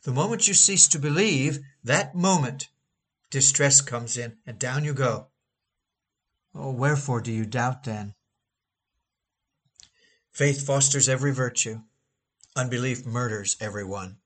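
A man's voice: mid-range voice, measured pace, pauses often. Emphatic male preacher reading a sermon. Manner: dramatic, emphatic oratory with stretched key phrases.

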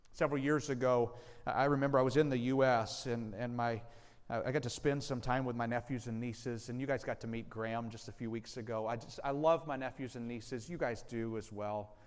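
A man preaching a sermon as pastor, speaking earnestly and directly to his congregation. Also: medium pitch. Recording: long hall reverb.

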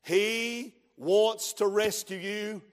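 A middle-aged pastor with a high-pitched voice preaches a sermon. He drops low and hushed to tell stories, then climbs to shouted exhortation. His voice rings with the long reverb of a church hall. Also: steady tone, extremely slow. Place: church sanctuary.

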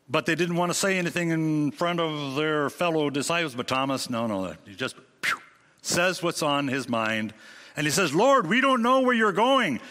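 Bright-voiced preacher in an echoing hall. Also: male voice. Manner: emphatic, with dramatic swings in pitch and rhetorical questions. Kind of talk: sermon. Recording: long hall reverb.

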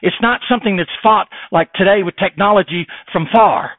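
Preacher on a tinny, dry line. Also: male voice, a little fast, no room sound. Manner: impassioned preaching, swinging from loud exhortation to low earnest tones; rhetorical questions and King James scripture phrasing. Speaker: pastor. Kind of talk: sermon. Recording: dry, tinny phone-like sound.

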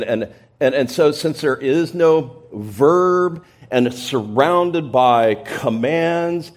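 A pastor preaching an expository sermon in church, explaining scripture and stressing key words with sudden emphasis. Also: male voice, medium pitch, a little mellow.

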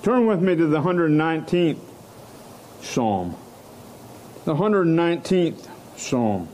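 A man preaching a sermon, slow and emphatic, stressing key words and letting out short laughs. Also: on the high side, animated, a little mellow, slight background noise.

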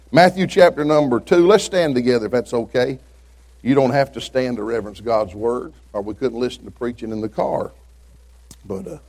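A man's voice: medium pitch, darkish tone. A man from Middle Tennessee with a Southern accent, a visiting preacher telling folksy humorous stories in a sermon. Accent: Southern American, Tennessee. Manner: folksy storytelling, acts out quoted voices.

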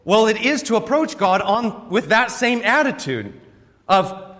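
Guy preaching, fairly high voice, earnest teacher vibe, big echoey church. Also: very animated, unhurried, a bit bright. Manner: earnest teaching tone with rhetorical questions. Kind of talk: expository sermon. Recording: long hall reverb.

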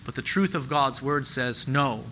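A man's voice: mid-range voice, a little slow, sharp tone, slight background noise, poor audio. A man preaching a sermon as pastor, earnest and emphatic, repeating key phrases and lifting his voice on questions.

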